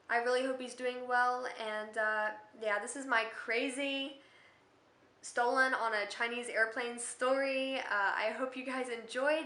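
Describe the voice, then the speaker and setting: Chatty young woman, bright echoey vlog. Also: a little high. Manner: chatty and rambling, many filler words. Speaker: vlogger. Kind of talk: casual storytime vlog. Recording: echoey room.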